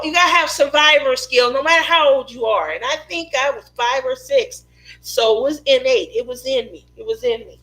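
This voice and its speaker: A woman's voice: sits high, animated, moderate pace, a bit bright, rough recording. A woman who hosts a craft live stream, telling family stories in a chatty way and laughing often. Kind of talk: casual storytelling chat.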